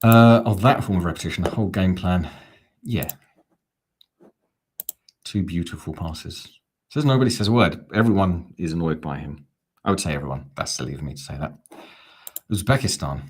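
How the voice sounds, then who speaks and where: Give me a deep, slightly husky man hosting a football watch-along, calling the action and chatting with viewers. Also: expressive, moderate pace, pauses often. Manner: chatty play-by-play, answering viewer comments. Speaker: fan channel host. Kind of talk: live fan watch-along commentary.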